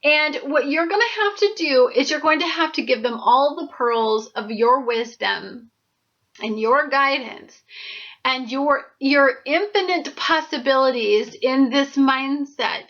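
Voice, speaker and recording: High-voiced woman giving emphatic astrology readings. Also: measured pace, muffled recording. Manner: emphatic, preachy, animated asides. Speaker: astrology host.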